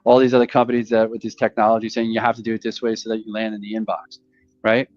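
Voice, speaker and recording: A man in casual podcast conversation, talking in a rambling, animated way and acting out phone calls. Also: on the low side, fast talker, highs cut off. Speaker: podcast host.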